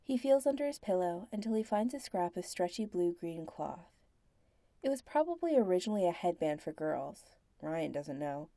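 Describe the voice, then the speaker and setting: A woman narrating a scripted story in a slow, hushed, intimate voice that slips into whispers. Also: fairly low pitch, very animated, dry recording.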